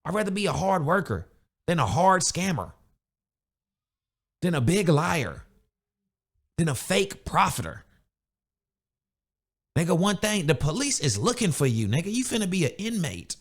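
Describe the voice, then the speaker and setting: A young man rants into his podcast mic, blunt and animated, full of street slang. His voice sits a bit higher than most men's. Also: measured pace, pauses often. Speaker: podcast host. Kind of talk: casual motivational rant.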